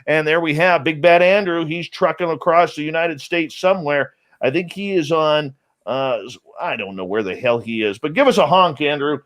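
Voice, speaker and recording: A male show host greeting viewers by name in an upbeat, playful way and jumping up in pitch on names. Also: normal speed, fairly bright tone. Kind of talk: livestream show opener, greeting chat viewers.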